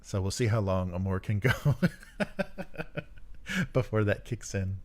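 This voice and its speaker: A man with a notably deep, low-pitched voice chats casually as a podcast co-host. He rambles through his points, full of fillers and quick chuckles. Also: a little mellow. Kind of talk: casual chat about tabletop games.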